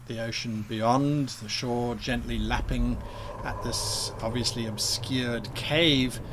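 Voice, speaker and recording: A man narrating a tabletop game as game master, describing scenes in a relaxed way with fillers. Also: mid-range voice, slow pace, noisy background.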